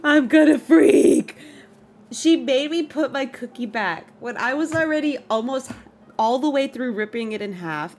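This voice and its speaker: On a stream, a young adult woman with a voice on the high side tells her chat a story. She rants in an exasperated, animated way and laughs while venting.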